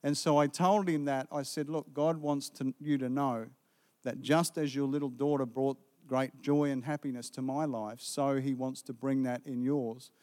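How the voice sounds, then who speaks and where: Preacher in a reverberant church. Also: male voice, medium pitch, moderate pace. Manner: earnest, retelling dialogue with lively quoted exchanges. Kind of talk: sermon testimony storytelling. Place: church sanctuary. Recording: long hall reverb.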